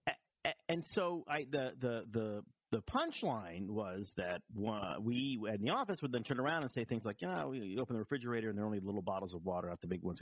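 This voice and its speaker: Animated man telling a story. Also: fairly low pitch, fast, no room sound. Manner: rambling, restarts, dry storytelling. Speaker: podcast co-host and commentator. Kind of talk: casual chat with anecdote.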